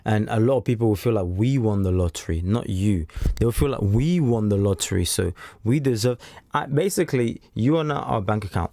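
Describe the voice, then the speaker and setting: A man with a low, mellow voice reacts to an interview clip in casual, blunt asides. He sounds close and dry. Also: brisk, no echo. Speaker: commentary channel host.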